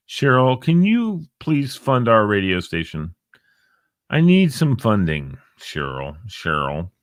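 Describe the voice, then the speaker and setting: A man's voice: on the low side, a bit bright, dry recording, studio quality. A middle-aged man hosting a live online show, chatting casually, joking and reading out viewers' names. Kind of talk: casual live-stream chat.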